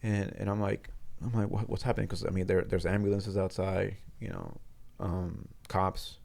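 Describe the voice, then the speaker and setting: Male interview guest, low gravelly voice, earnest and halting, restarts sentences often. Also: fairly even intonation, a little mellow. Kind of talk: personal storytelling in a studio interview. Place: studio.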